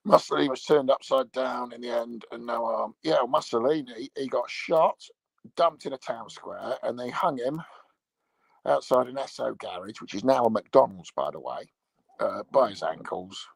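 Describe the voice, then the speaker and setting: A man's voice: medium pitch, moderate pace, gravelly, breathy edge, no echo. A middle-aged English man chatting crudely and rambling to viewers while lying on a bed at home. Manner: crude, swearing, meandering. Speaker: livestream host. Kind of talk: rambling casual chat to viewers.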